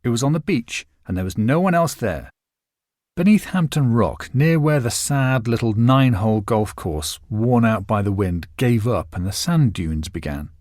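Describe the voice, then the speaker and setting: A male narrator reads a novel aloud with a lively, rising and falling delivery at a middle pitch. His measured storytelling keeps the images clear. The recording is close and very dry. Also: no echo. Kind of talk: scripted narration.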